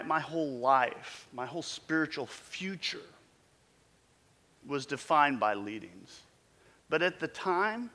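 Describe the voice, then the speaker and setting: A man's voice: a little high, bright, forceful tone. A pastor in his fifties telling a story in a conversational, reflective sermon. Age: 50s. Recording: long echoing reverb.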